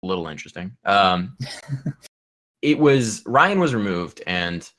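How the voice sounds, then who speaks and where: A man's voice: low voice, expressive, a little slow, fairly bright tone. A man co-hosting a gaming podcast in casual chat, loose and rambling, often trailing off and restarting. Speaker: podcast co-host.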